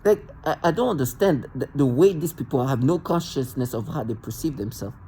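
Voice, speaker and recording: A man speaking to the camera in an agitated monologue, halting and repeating words as he restarts sentences. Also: medium pitch, expressive, dark tone, slightly rough, low-quality recording. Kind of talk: self-recorded monologue rant.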